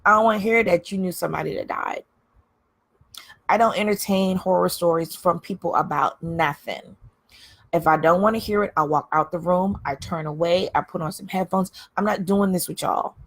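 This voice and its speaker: Woman livestream host, lowish husky voice, frank and emphatic, repeats lines for emphasis. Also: moderate pace. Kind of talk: candid livestream talk.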